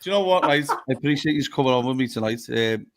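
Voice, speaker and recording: A man's voice: mid-range voice, expressive, fast, fairly bright tone. A tired man hosting a late-night football chat, swearing often and calling everyone lad. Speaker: live show host.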